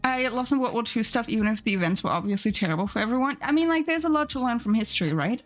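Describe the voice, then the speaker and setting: Giggly streamer woman, bright voice. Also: fairly high pitch. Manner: giggly, chatty, reads chat aloud. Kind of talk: casual live-stream chat.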